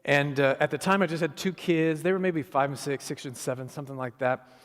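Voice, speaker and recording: A middle-aged man giving an animated storytelling sermon as a guest speaker, acting out the voices of the people in his story. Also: on the high side, brisk. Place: church sanctuary. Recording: long hall reverb.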